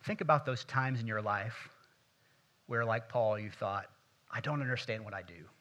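A man, a pastor, preaching a sermon and reading scripture aloud, building to louder, more intense passages. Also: on the low side, normal speed.

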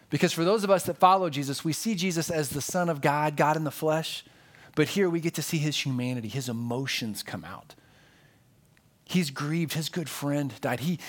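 Pastor, male, a touch higher-pitched; earnest, conversational sermon delivery with emphatic repeats.

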